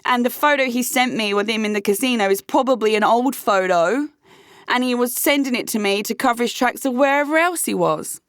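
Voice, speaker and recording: A woman's voice: fairly high pitch, a little fast, fairly bright tone, no room sound, clean studio sound. A young British woman giving candid, sweary personal advice in a conversational vlog. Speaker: vlogger.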